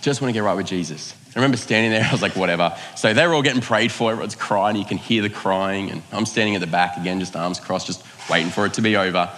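Low-voiced male preacher, relaxed and conversational. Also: quick pace, few pauses, in a large hall, slight background noise. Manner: conversational, self-mocking, acts out quoted lines. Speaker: pastor. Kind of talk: sermon with personal storytelling.

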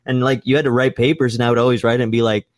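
A man's voice: medium pitch, steady tone, very fast, no room sound. Rambling, profane young man, dry close mic. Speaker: podcast host. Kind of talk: casual podcast chat.

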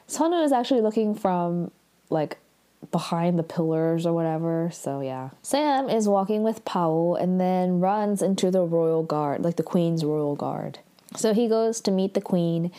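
A woman's voice: fairly low pitch, mellow. A young woman casually recapping a drama episode, chatty and full of "like" and "um" fillers. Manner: chatty, heavy use of "like" and "um".

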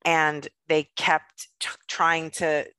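Woman, guest, storytelling, blunt, swears, forceful, dry. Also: low voice, slow pace, smooth, dry recording. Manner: animated, blunt, swears freely. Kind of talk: personal storytelling in conversation.

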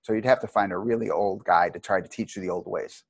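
A man's voice: on the low side, quick pace, vocal fry, no echo. Rambling middle-aged man telling martial arts stories. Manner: rambling, animated anecdotes with many restarts. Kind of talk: casual storytelling interview.

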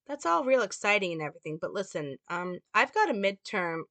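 A woman's voice: mid-range voice, big pitch swings, fairly quick, sharp tone, dry recording. A woman reading as an awkward college guy. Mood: uneasy. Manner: hesitant, read from a script. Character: awkward young male college student.

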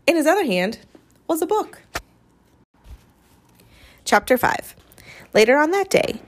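A woman narrating an audiobook in an expressive storytelling manner. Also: a little high. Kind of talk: audiobook reading.

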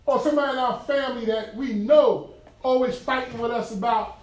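A man's voice: very high voice, a little fast. A man preaching a conversational sermon, emphatic and humorous, telling stories about his own daily life. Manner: animated, humorous, emphatic storytelling. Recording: echoey room from far off.

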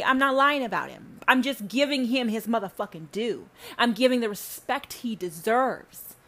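A woman podcast host delivering a heavily profane, preachy spiritual rant that swings between loud emphasis and low asides.

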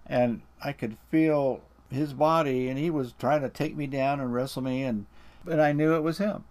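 A man hosting a radio interview, relaxed and plainspoken as he shares short recollections. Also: medium pitch, moderate pace. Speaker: radio host. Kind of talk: casual interview chat.

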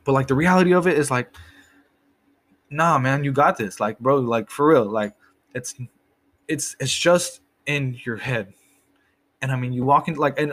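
A man's voice: medium pitch, a bit bright. Rambling, profane young man talking. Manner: rambling, profane, repeats himself often. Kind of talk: casual opinion monologue.

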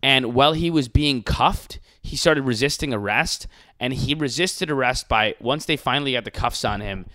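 A young man in casual podcast chat, telling stories in a profane, animated way. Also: medium pitch, moderate pace.

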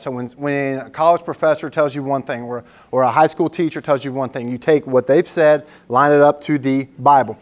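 A man's voice: mid-range voice, fairly even intonation, a little fast, few pauses. A male pastor preaching a sermon in an earnest, emphatic, conversational way, mixing scripture with personal stories.

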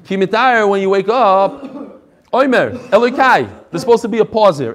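A man's voice: high voice, animated, normal speed. A male Torah teacher giving a classroom lecture, reading each phrase and then explaining it with energy, adding chatty asides and jokes.

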